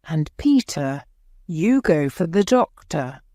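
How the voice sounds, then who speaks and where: A woman voicing a gentle, kind mother in an audiobook, speaking softly. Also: low voice, sing-song, takes it slowly, no echo, clean studio sound, exaggerated voice. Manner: soft and kind.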